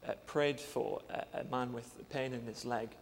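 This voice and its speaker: A young man, a church intern, telling a personal testimony earnestly, with many pauses and fillers. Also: medium pitch, steady tone, vocal fry, long reverb tail, slight background noise.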